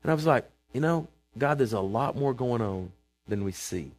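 A man preaching in a church, his voice sitting in an ordinary middle pitch. He drives his points home with emphatic declarations, then drops to quiet asides, and keeps asking the congregation whether they are with him. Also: expressive, normal speed. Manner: emphatic, call-and-response with the congregation; shifts between loud proclamation and quiet asides. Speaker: pastor. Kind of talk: sermon. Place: church sanctuary before a congregation.

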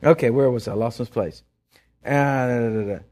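A man's voice: mid-range voice, normal speed, a little mellow. A man, a pastor preaching a sermon in a conversational way, retelling scripture and often restarting his sentences. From Texas.

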